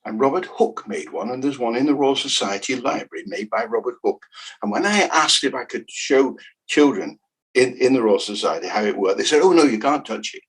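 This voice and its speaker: A man giving a humorous keynote lecture on the history of maths, jokey and animated, repeating words for emphasis. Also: mid-range voice, fairly quick, slightly rough, rough recording. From United Kingdom. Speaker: keynote speaker.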